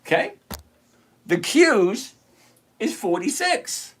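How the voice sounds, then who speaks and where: A middle-aged livestream host in casual commentary who teases a viewer sarcastically, repeats points slowly and mutters while hunting around the screen. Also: medium pitch, sing-song, vocal fry, husky. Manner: teasing, sarcastic, talks straight to a viewer.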